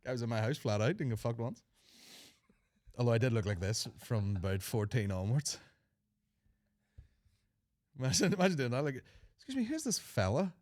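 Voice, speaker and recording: A man's voice: mid-range voice, lively intonation, moderate pace, pauses often, a little mellow, no echo, studio quality. A man in his thirties with a Northern Irish accent, hosting a comedy podcast with crude, sweary, jokey chat. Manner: crude, sweary and jokey, slipping into mock voices. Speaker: podcast host.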